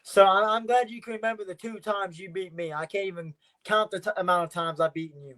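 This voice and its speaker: A man's voice: high-pitched, steady tone, fast, a bit bright. A man, a professional wrestler guest on a podcast, trash-talking his rivals in a boastful way and repeating his points. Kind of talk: casual podcast interview.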